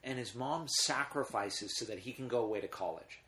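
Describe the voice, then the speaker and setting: A man's voice: mid-range voice, moderate pace, sharp tone. A middle-aged man, a guest in casual conversation, telling rambling stories with emotion and frequent restarts.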